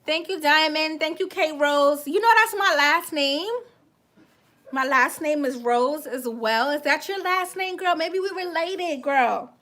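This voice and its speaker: Woman, high voice, light West Indian accent, casual livestream chat, chatty, stumbles over words. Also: unhurried, bright, forceful tone. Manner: chatty, reads out and thanks viewers, restarts words. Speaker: beauty vlogger on a livestream.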